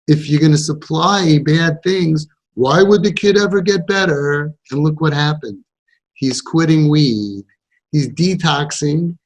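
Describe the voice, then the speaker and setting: Guy coaching parents, kinda high voice, passionate, keeps repeating himself for emphasis. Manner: emphatic, repeats phrases for stress; mixes in Yiddish and Hebrew words. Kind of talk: impassioned counseling talk to parents.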